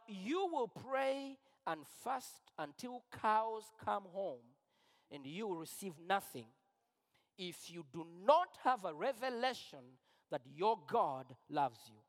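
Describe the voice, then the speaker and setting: A man's voice: high-pitched, sing-song, slow pace. A man preaching a sermon as pastor, emphatic and repetitive, with rising fervor. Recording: long hall reverb.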